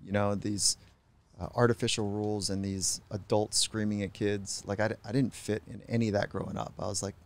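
A middle-aged man, a psychologist guest on a podcast, telling stories in a reflective, unhurried way. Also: lowish voice, flat delivery. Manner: reflective, unhurried, acts out quoted voices. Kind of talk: podcast interview storytelling.

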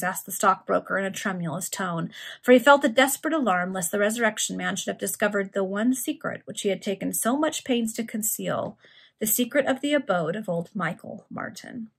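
A woman reading an old novel aloud in an informal session, stopping now and then to react to the story. Her voice is husky and breathy, at a middle pitch. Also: expressive, brisk, fairly bright tone. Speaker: reader.

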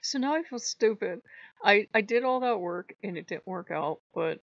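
A woman chatting to her viewers, her voice gravelly with fry as she tells an exasperated story full of laughs. The recording is dry and a little dull and lo-fi, like a home setup. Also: mid-range voice, animated, moderate pace, no echo. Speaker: vlogger on a spirituality channel. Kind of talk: casual chat.

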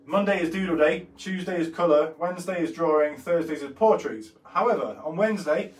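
A man's voice: on the high side, brisk, slight background noise. Rambling man in his thirties. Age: 30s. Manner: chatty and rambling, with frequent fillers and self-corrections. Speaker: art workshop host. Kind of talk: casual walkthrough of artwork. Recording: slightly distant mic with faint music behind.

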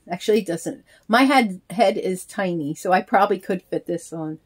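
A woman casually talking through opening a package in a chatty, halting way, counting things aloud. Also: lowish voice, breathy edge. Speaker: reborn doll vlogger. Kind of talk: casual unboxing vlog.

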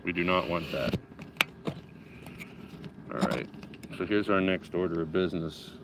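A man's voice: low voice, a little slow, gravelly, background noise. A man hosting a casual gardening livestream from his backyard, chatting and swearing loosely while reading out viewer comments. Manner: chatty, swears casually, reads chat aloud.

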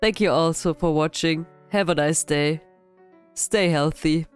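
A woman with a sick, hoarse voice, giving casual, self-deprecating commentary while playing a building game. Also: deep voice, measured pace, dry recording, soft background music. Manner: self-deprecating, frequent laughs. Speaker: gaming channel host. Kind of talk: casual let's-play commentary.

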